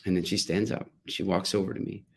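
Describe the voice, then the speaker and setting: A man's voice: low voice, flat delivery, brisk, vocal fry, breathy edge. A middle-aged man speaking to parents, telling a family story and acting out the quotes. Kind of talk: talk to parents.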